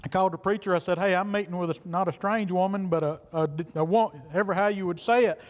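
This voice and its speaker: In a church sanctuary, a man with a high, fairly even voice speaks fast as he preaches a sermon, telling a folksy, plain-spoken story and quoting its characters. The audio is dull and reverberant, typical of a church hall.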